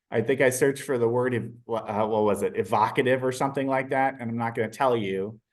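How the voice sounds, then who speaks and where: Man, trainer, animated and chatty, checks in with listeners, video call. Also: mid-range voice, normal speed. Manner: animated, chatty, asks the audience often. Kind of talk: live online training.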